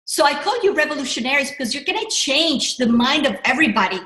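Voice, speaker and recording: Animated woman coach in an echoey room. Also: high-pitched, a little fast, hardly any pauses. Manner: animated, rambling, with restarts and self-corrections. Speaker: business coach. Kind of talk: motivational workshop talk.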